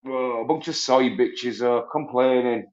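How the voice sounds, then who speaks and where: Profane ranting man, lo-fi stream. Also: unhurried. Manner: profane, ranting, mocks others in high whiny voices. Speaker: livestreamer. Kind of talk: angry solo livestream rant. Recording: dull lo-fi stream audio.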